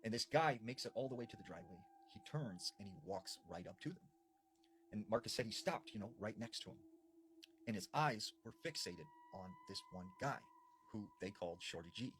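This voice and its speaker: A man retelling eerie stories, shifting between animated bursts and hushed, dramatic dips. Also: fairly low pitch, a little fast, a little hiss or hum. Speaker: storyteller.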